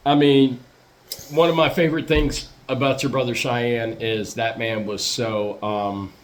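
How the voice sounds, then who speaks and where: A man's voice: mid-range voice, slight background noise. A man telling a rowdy story in a casual podcast chat, swearing freely and laughing often. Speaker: podcast host.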